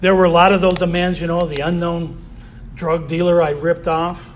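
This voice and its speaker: A man's voice: on the high side, flat delivery, moderate pace, a little hiss or hum. A man giving a candid personal recovery share as a convention speaker, often saying "you know".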